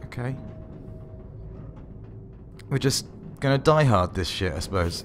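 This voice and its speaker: A man giving wry, sarcastic let's-play commentary while playing a horror game, swearing often and yelling when startled. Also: medium pitch, animated, a little slow, pauses often, soft background music. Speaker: gaming video host.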